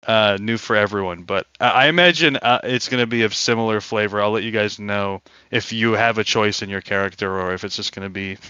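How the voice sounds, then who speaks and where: A game master recapping his tabletop sessions in an easy, chatty way, full of fillers and laughs. His voice is bright and forceful, and the recording sounds muffled and lo-fi in a dry space with no room echo. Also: mid-range voice, clean tone. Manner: laughing, animated storytelling with many fillers.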